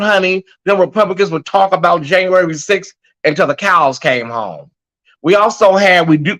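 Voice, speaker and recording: High-voiced and bright, this man hosts a live commentary show online, keeping things sassy and chatty as he addresses viewers as "y'all" and "honey."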